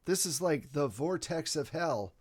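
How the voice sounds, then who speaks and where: A man's voice: fairly high pitch, animated, a little slow, slightly rough. A man playing an anxious, paranoid husband who insists and swears. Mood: agitated. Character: agitated, paranoid husband, middle-aged.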